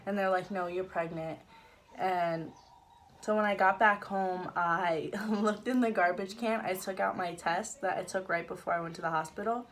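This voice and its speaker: A woman's voice: medium pitch, steady tone, normal speed, fairly bright tone, a little hiss or hum. A young woman vlogging, telling a personal story casually, with frequent fillers and the odd laugh. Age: young adult. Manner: chatty, laughs now and then, many fillers.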